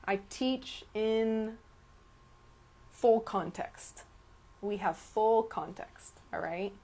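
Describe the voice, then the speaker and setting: A woman's voice: mid-range voice, very slow, mellow. A woman hosting a live stream Q&A as a health coach. She talks with emphasis, repeats key words and often checks in with "okay?". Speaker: detox health coach answering viewer questions.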